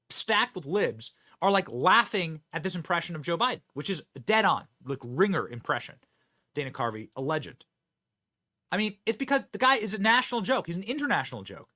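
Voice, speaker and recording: A male host delivers political commentary in an energetic, projecting style. His voice is bright and a little high, and it climbs and dips with lively swings as he drives his points home.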